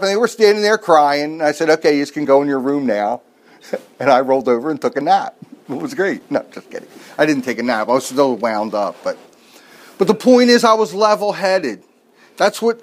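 A middle-aged man preaching a sermon, telling a family story with folksy jokes and asides. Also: fairly high pitch.

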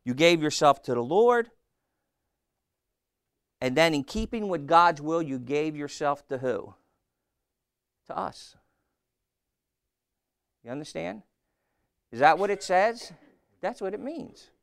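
A man delivering a sermon in a plain-spoken, folksy manner, quizzing the congregation as he goes. His voice sits a little high for a man and has a gravelly, creaky edge. The sound is dry, with no room echo. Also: expressive, takes it slowly, long pauses. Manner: blunt, folksy, asks the congregation questions. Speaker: pastor.

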